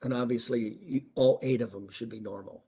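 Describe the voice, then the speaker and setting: Emphatic male practice coach, slightly husky, drilling a point home. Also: mid-range voice, steady tone, a little fast, mellow. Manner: emphatic, asks rhetorical questions. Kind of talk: training session critique.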